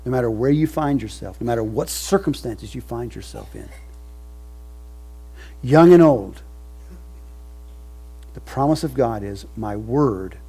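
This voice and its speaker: A man preaching a sermon, building to loud emphatic peaks and falling soft at the ends of phrases. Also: medium pitch, lively intonation, a little slow, creaky, pauses often, breathy edge, faint music behind, low-quality recording. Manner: leads congregation in recited scripture. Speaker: pastor.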